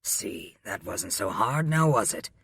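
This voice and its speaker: A man reading an audiobook, voicing a calm, domineering wealthy man who speaks in a measured, patient way. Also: on the low side, slightly rough, no room sound, clean studio sound, full character voice. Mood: commanding.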